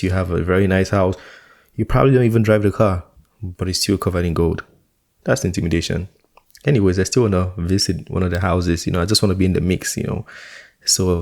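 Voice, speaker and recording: A man hosting a reaction video, commenting in a joking, animated way and laughing often. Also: fairly low pitch, vocal fry.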